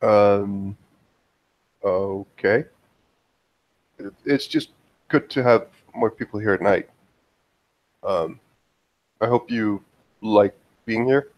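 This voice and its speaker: A shy, unsure young woman, as a man plays her, halting and slow, stumbling through her words. She speaks unhurriedly, at an ordinary pitch. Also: dull audio. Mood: awkward. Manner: hesitant, halting, full of fillers.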